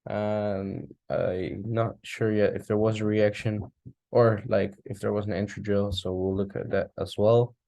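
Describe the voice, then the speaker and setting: A forex trader with a lowish, creaky, dark voice talks a little slowly and flatly through his chart recap, thinking aloud and yawning now and then. This casual screen-share was recorded at a desk mic with no room sound.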